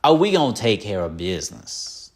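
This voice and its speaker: A man doing a loud drawling old gunslinger. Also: fairly low pitch, very animated, normal speed, slight background noise. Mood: swaggering.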